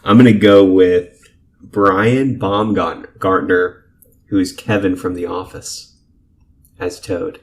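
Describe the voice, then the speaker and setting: A young man with a fairly low voice, chatting casually on a podcast. He hesitates, restarts and fills pauses as he works through his picks. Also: steady tone, echoey room, slight background noise. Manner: easygoing, hesitant, many fillers. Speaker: podcast co-host. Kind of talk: casual chat.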